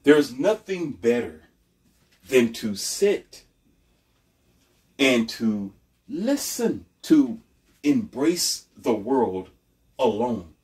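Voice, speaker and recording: A man's voice: medium pitch, very animated, extremely slow, long pauses, darkish tone, recorded from a distance. A man delivering a blunt, preachy motivational monologue, emphatic and repetitive.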